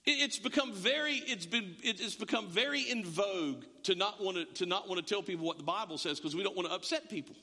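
Talking fast with hardly any pauses, a male pastor preaches a chatty sermon in a church sanctuary, stammering through restarts and cracking jokes along the way. His high-pitched voice is bright and forceful, and the church reverb is long.

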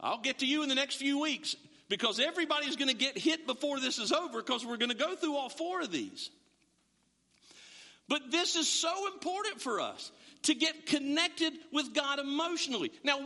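A man preaching a sermon as pastor, animated and acting out his listeners' voices. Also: extremely high pitch, moderate pace, long reverb tail.

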